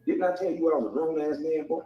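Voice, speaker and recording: A man's voice: a little high, fast, lo-fi sound. A man in a heated call-out rant, mocking and profane, taunting the person he is addressing. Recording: echoey, far from mic.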